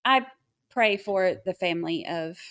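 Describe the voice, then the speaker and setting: A woman's voice: fairly low pitch, lively intonation, unhurried, a bit bright. A woman hosting a livestream, chatting casually with sarcastic, scattered asides and thanking viewers for gifts. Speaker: livestream host.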